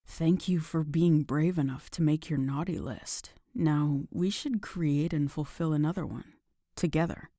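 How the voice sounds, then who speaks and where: A woman voicing a tender, devoted young man in an audiobook romance, speaking low, soft and earnest. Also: measured pace, no echo, clean studio sound.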